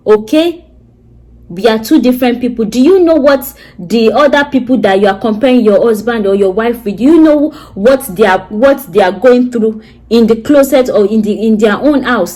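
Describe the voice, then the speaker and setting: Vlogger, woman, thirties, preachy advice delivery, somewhat high voice. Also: a little mellow, low-quality recording. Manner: earnest, preachy, repetitive. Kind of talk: advice monologue to camera.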